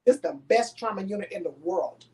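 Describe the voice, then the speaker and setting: A woman's voice: medium pitch, expressive, brisk, crowd noise. Brief: middle-aged woman, emotional storytelling, dramatic delivery with acted quotes. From Houston, Texas. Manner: dramatic, acts out pleading and quotes with big swings. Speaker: guest telling a personal story.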